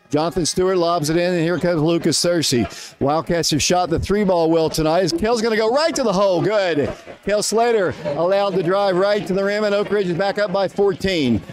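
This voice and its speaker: A man calling a high school basketball game live on the radio, quick and winded, lifting his voice on big plays. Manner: rapid, rising excitement on big plays. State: out of breath. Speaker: radio play-by-play announcer.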